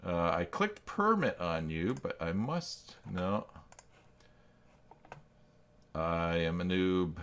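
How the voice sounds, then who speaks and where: A man's voice: low voice, sing-song, slow pace, pauses often, a bit bright. A man hosting a live stream, chatting casually, thinking aloud and reacting to viewers' messages with self-deprecating asides. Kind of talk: casual live-stream chat while working.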